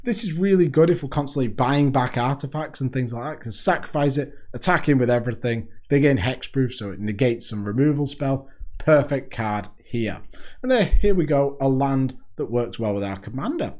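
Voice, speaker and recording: A man's voice: medium pitch, expressive, normal speed, darkish tone. A man hosting a card game video, reading card text aloud and chatting through it casually, laughing at his own jokes. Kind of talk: casual deck review monologue.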